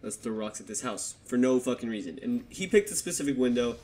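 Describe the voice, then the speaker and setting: A man's voice: mid-range voice, animated, fairly quick, warm tone. A young man casually telling a personal story to camera, swearing a lot and acting out what people said. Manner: casual, swears heavily, acts out quotes. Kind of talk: storytime vlog. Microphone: desktop USB microphone.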